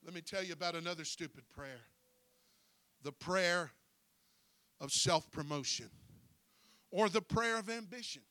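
A man preaching a sermon as pastor, folksy and breaking his phrases with "uh", swinging from quiet storytelling to shouted preaching. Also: high voice, unhurried, long pauses, dry recording.

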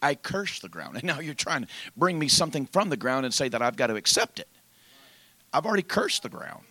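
A man preaching, voicing God as a stern, wounded figure who quietly rebukes and questions a man. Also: medium pitch, very animated, no echo, voice pushed down, heavily acted. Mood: aggrieved. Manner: slow, aggrieved, quietly rebuking.

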